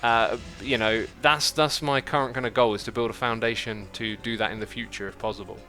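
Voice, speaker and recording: A man hosting a game livestream in a relaxed, rambling way, reading chat and planning out loud. His voice is bright and forward. Faint music plays softly in the background. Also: medium pitch, brisk. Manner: chatty, thinks aloud, reads out chat messages. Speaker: livestream host. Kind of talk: casual chat while playing a building game.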